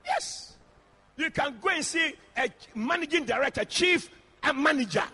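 A man preaching a sermon in church, shouting and calling out to the congregation. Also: extremely high pitch, moderate pace. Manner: shouting, animated, addressing the congregation directly.

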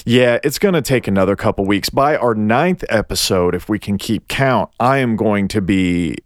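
A man co-hosting a podcast, chatting casually and teasing his co-host with a lively, joking manner. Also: on the low side, moderate pace, no echo, studio quality. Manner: teasing, animated, profane. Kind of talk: casual chat. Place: Los Angeles area.

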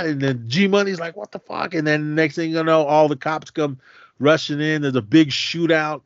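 A man with a fairly high voice talks at a moderate pace on a dry, dull-sounding recording. Co-hosting a podcast, he casually recaps a film scene by scene, animatedly acting out the characters' lines as he goes.

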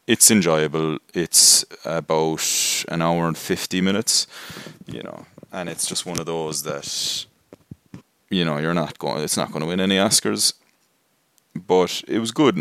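A man's voice: extremely low pitch, fairly bright tone, no echo, studio quality. A man hosting a casual film review podcast, rambling and self-deprecating with lots of fillers. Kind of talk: casual spoken movie review.

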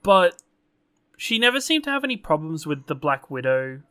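A man co-hosting a casual podcast chat, animated and casually swearing. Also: fairly high pitch, normal speed, smooth. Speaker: podcast co-host.

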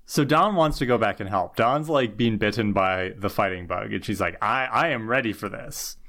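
A man co-hosting a podcast, walking through a TV episode's plot in casual chat, earnest and quick to get indignant. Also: fairly low pitch, bright, forceful tone. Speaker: podcast co-host.

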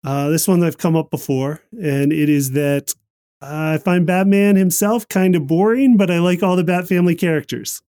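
A man with a slightly high voice talks loosely and meanderingly, leaning on "like" as he thinks aloud. He breaks into small laughs along the way. The recording is close and dry. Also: normal speed, warm tone, dry recording. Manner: rambling, frequent "like", laughs often. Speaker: podcast co-host. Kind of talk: casual chat.

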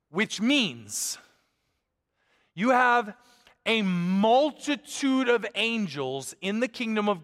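A pastor in his thirties delivers a sermon, his voice sitting high for a man. He tells stories with energy and acts out the voices in them. The sound rings with the long reverb of a large hall. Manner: animated storytelling, acts out voices.

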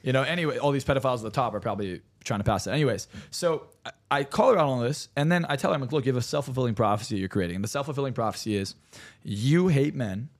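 A man, a hypnotherapist on a podcast, telling stories in a rapid, animated and profane way. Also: medium pitch. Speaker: hypnotherapist guest. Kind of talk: casual podcast chat.

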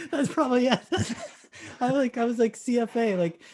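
A man from Canada telling a story in casual chat, acting out the dialogue and bursting into loud excited shouts. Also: very high voice, slight background noise.

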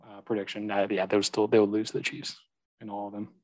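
A man's voice: fairly low pitch, level tone, fast talker, dry recording, poor audio. Young man, dry close sound. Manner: agreeable, hesitant, many ums and yeahs. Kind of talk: casual sports chat.

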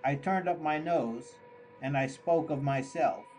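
A man reading a classic story aloud as an audiobook narrator, slow and deliberate. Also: on the high side, darkish tone, faint music behind, low-quality recording. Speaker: audiobook reader. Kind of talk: scripted narration.

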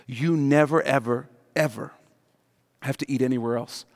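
A man's voice: mid-range voice, steady tone, normal speed, natural voice. A man voicing a newlywed wife who gushes at first and turns scornful, in a long-echoing hall. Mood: gushing.

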